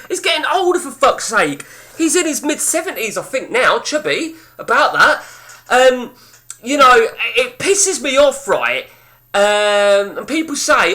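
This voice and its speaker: A man's voice: very high-pitched, sing-song, unhurried, pushed and bright. A man hosting casual gameplay commentary, chatting with viewers in a blunt, profane, ranting way. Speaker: host.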